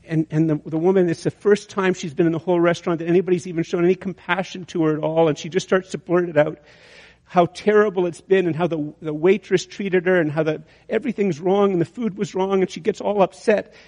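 A man's voice: sits high, fairly even intonation, quick pace, darkish tone. A man preaching a sermon, telling an illustration story with many restarts. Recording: long hall reverb.

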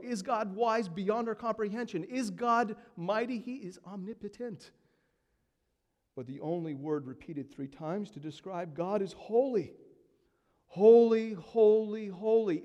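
A man delivers a sermon in a church, his slow and deliberate phrasing swinging from hushed low passages up to loud, emphatic peaks. His voice sits fairly high for a man. The sound carries a long reverb from the large hall. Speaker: preacher.

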